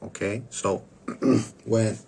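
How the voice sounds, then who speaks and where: A man delivering a rambling, profane self-help monologue to the camera, blunt and crude, often clearing his throat and coughing. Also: on the low side, very slow, darkish tone. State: coughing after a dental visit.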